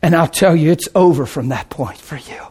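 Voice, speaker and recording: A man preaching a sermon and telling his own conversion story, emphatic and dramatic, dropping to a hush and then shouting. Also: a little high, moderate pace, slightly rough. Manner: emphatic, dramatic, swings between hushed and shouting. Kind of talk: sermon with personal testimony.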